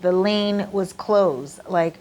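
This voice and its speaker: A woman's voice: medium pitch, slow, darkish tone, slight background noise. A woman narrating a relationship story in a casual storytime style, chatty and full of fillers. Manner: chatty, lots of "like" and "you know".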